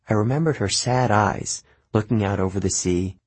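A man narrating an audiobook in the first person, with expressive storytelling. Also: fairly low pitch, moderate pace, few pauses, breathy edge, no echo.

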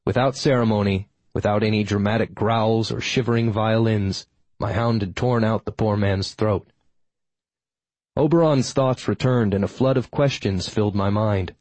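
A man's voice: lowish voice, fairly even intonation, normal speed, darkish tone, no echo. A man narrating a first-person audiobook in a dry, wry storytelling manner.

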